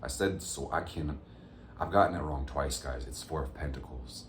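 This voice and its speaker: With an extremely low-pitched voice at a moderate pace, this man reads tarot for his audience in an upbeat, motivating way, referring to them as fam and gang. There's reverb and a little hiss or hum.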